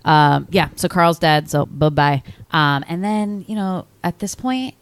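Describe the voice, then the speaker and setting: A woman's voice: low-pitched, measured pace. A woman in her thirties co-hosting a podcast, telling a movie plot in a rambling way full of fillers. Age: 30s. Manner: rambling, filler-heavy storytelling. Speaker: podcast co-host. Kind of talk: casual movie recap chat.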